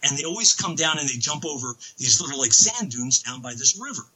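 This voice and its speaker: A man telling a long personal story as an interview guest, excitable and rambling, full of restarts and asides. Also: medium pitch, a little fast, breathy edge, rough recording. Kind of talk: casual storytelling on a podcast.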